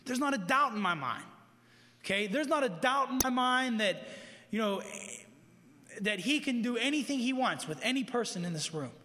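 A man's voice: extremely high pitch, lively intonation, normal speed, bright, forceful tone, big-room sound, slight background noise. A man preaching a sermon in an earnest, conversational way, stressing points through repetition, speaking to people in a room. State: living with heart disease, tires easily. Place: room with an audience.

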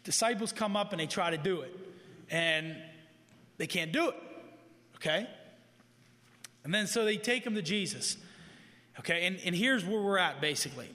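A man delivers an earnest sermon in a high, bright voice, talking plainly to the people in front of him. He drives points home by repeating them. His voice carries a long hall reverb. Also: lively intonation, normal speed, long pauses. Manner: earnest, conversational preaching with repetition. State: living with heart disease, tires easily. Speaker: preacher. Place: room with an audience.

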